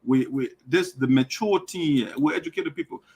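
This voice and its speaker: A man with a Liberian accent hosting an online show, delivering a forceful political monologue that repeats its points and rises to shouts. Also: fairly high pitch, normal speed, breathy edge. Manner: forceful, repetitive, rising to shouts.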